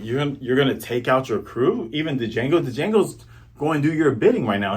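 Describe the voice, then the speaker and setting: Animated, husky-voiced man reviewing comics. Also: medium pitch. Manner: animated, jokes and acts out characters. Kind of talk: casual commentary.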